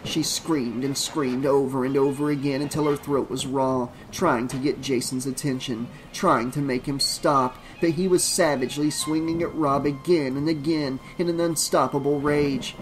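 A man narrating an audiobook in a dramatic way, slowing down on grim details. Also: medium pitch, fairly even intonation, soft background music, poor audio.

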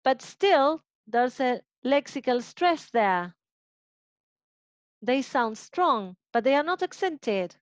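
A woman's voice: high-pitched, very animated, takes it slowly, no echo. A woman teaching phonetics in an online class, explaining step by step and rephrasing her points. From Argentina. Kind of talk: online lecture explaining intonation. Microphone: video call. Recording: muffled video call audio.

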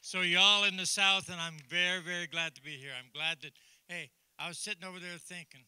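A man's voice: high-pitched, pushed and bright, clear, resonant tone, no echo. A man from Canada, a pastor speaking to a church congregation in a jokey, earnest, encouraging way. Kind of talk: informal church talk.

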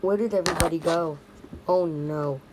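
A woman's voice: fairly low pitch, moderate pace, background noise. A woman narrating a playful toy stop-motion story in repetitive, sing-song toy voices.

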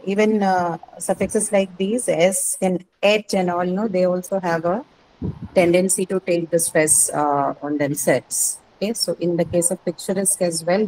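A woman's voice: lowish voice, mellow, a little hiss or hum, poor audio. Patient woman teaching an online English class. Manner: patient, explanatory, repeats "correct" and "right".

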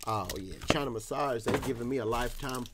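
A man's voice: mid-range voice, fast, heavy background noise. A man from Tennessee, hosting a casual card-opening stream in a rowdy, profane, whooping way. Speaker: card breaker host. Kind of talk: casual live stream chat.

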